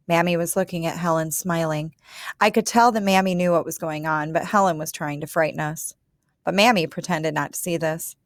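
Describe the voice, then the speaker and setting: Low-voiced woman reading a storybook. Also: no echo, studio quality. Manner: calm, measured, child narrator's voice. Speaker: reader. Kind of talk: storybook narration.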